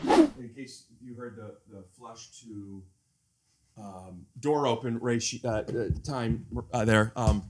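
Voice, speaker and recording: A man's voice: mid-range voice, slow pace, noisy background. A man hosting a podcast in casual chat, rambling and self-mocking, with lots of hesitant fillers. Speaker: podcast host.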